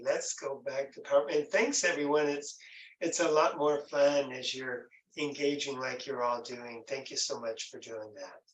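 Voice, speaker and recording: A man leading a stress workshop in a gentle, encouraging, conversational way. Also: mid-range voice, roomy sound, far from the mic, rough recording. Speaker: workshop presenter. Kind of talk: online workshop teaching.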